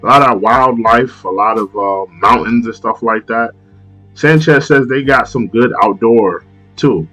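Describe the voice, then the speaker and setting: A man's voice: medium pitch, unhurried, bright, forceful tone, faint music behind. A man from Long Island, hosting a live stream and chatting casually, rambling and repeating himself with frequent laughs. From Long Island, New York. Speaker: live stream host reading chat. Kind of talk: casual chat.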